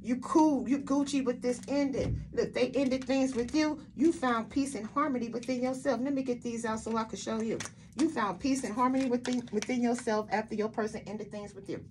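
A woman's voice: fairly high pitch, steady tone, normal speed, darkish tone, a little hiss or hum. Blunt, profane woman tarot reader. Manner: talks straight to the viewer with repeated rhetorical questions. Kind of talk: tarot reading for viewers.

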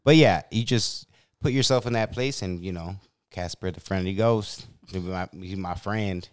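A man with a very low voice hosts a casual podcast chat. He rambles along in an easygoing way, with plenty of ums and uhs. The sound is dry and close. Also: normal speed, clean tone, dry recording. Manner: laid-back, rambling with many fillers. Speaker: podcast host.

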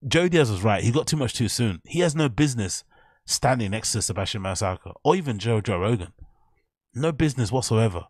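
Rambling over clips, this commentary host mocks and swears his way through casual reactions. His mid-range voice is expressive and fairly quick, captured cleanly in a studio with no room sound.

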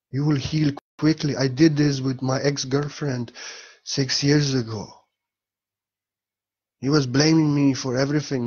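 A man's voice: a little high, darkish tone, lo-fi sound. A man giving an earnest spiritual talk in a vlog, repeating key phrases for emphasis. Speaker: spiritual teacher.

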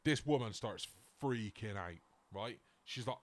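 A man's voice: fairly low pitch, a little slow. A man, co-hosting a casual podcast and telling an anecdote, acting out the people in it. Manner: animated storyteller, acts out quotes. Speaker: podcast co-host. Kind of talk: casual chat.

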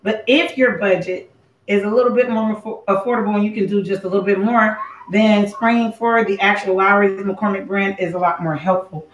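A woman's voice: mid-range voice, steady tone, fairly quick, slight background noise. A woman hosting a live cooking show, talking in a playful, chatty way straight to her viewers. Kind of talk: casual live cooking chat. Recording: echoey room, dull lo-fi sound.

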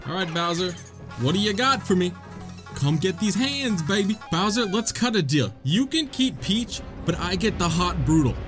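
A young man giving comedic, excitable commentary while playing a video game, laughing often, with game music behind him. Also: high-pitched. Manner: joking, excitable, frequent laughter. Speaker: gaming YouTuber. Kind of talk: comedic let's-play commentary.

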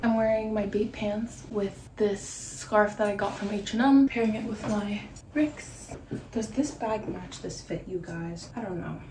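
A woman's voice: mid-range voice, warm tone, far from the mic. Chatty young woman, echoey room. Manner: chatty, rambling with lots of "like" fillers. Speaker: fashion vlogger. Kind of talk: casual outfit try-on vlog. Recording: roomy, echoey room from off the mic with noise.

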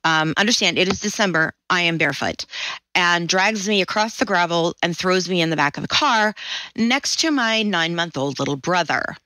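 Woman in her 40s, low voice, dry close mic, storyteller who acts out quotes. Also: lively intonation, normal speed, bright, forceful tone, no echo, low-quality recording. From Washington State, USA. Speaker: podcast guest. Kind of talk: personal storytelling.

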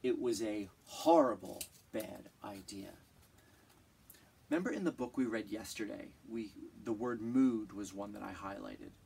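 A teacher reading a children's picture book aloud, gently asking questions about the pictures. The voice is husky and unhurried, with a lively, rising and falling tone, and sits a little back from the microphone. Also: medium pitch, far from the mic.

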